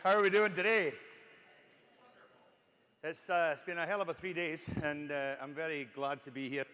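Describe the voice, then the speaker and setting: A Scottish man delivers a conference keynote in a chatty, storytelling way, with a voice pitched a little high for a man. His words trail off into a long reverb that fills a big hall. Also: fairly even intonation, moderate pace, pushed and bright. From Scotland. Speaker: keynote speaker. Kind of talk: conference keynote with a told joke.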